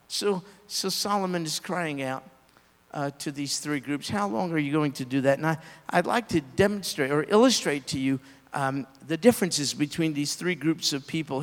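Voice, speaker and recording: Emphatic high-voiced preaching man. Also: fairly bright tone, in a large hall. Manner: emphatic, rising and falling preaching delivery. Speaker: pastor. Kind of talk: sermon.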